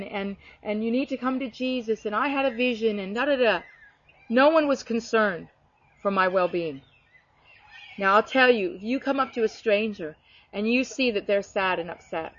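A middle-aged woman from Australia, talking earnestly about faith in a casual chat and telling personal stories with many restarts. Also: mid-range voice. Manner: earnest, storytelling, frequent restarts. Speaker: Christian speaker. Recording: dull lo-fi recording.

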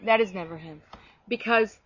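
A woman telling heartfelt stories from her ministry in an animated, earnest way, often restarting her sentences. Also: medium pitch, moderate pace, muffled recording, slight background noise. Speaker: guest sharing ministry stories. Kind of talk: earnest conversational testimony.

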